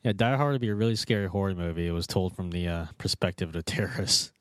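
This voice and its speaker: Low-voiced halting man, dry sound. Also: dry recording. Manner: halting, uses fillers, laughs mid-sentence. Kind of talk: casual chat.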